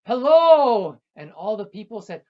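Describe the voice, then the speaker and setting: A storyteller speaking slowly and gently, repeating phrases while telling a traditional tale to children. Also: mid-range voice, expressive. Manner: slow, gentle and repetitive, with soft trailing phrases. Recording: dull lo-fi recording.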